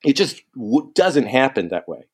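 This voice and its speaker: Animated man telling a story. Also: mid-range voice, moderate pace, husky. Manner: animated, quotes people in lively asides. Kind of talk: casual storytelling.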